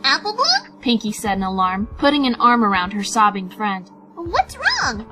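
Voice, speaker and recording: A woman voicing a hyper, cheerful young female pony with a high, squealing delivery. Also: wildly swooping pitch, normal speed, loud music behind the voice. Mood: alarmed. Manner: squealing, giggly.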